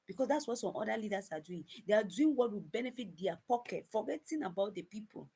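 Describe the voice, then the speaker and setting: A woman's voice: medium pitch, animated, fast talker, creaky, warm tone, husky. A woman giving casual commentary to viewers, emphatic, repeating her points and often restarting sentences. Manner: emphatic, repeats phrases, addresses viewers as guys; frequent restarts and stumbles.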